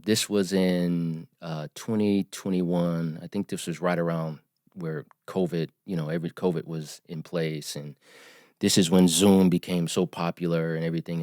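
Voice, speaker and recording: A man in his forties, a podcast guest, telling his story in an earnest, emphatic, measured way. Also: low-pitched, a little mellow, dry recording, clean studio sound. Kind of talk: storytelling interview.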